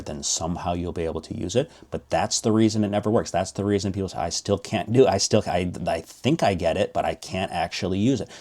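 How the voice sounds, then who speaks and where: A man from Chicago, a language teacher, giving an upbeat video lesson and slowing down to model example sentences. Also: deep voice, darkish tone.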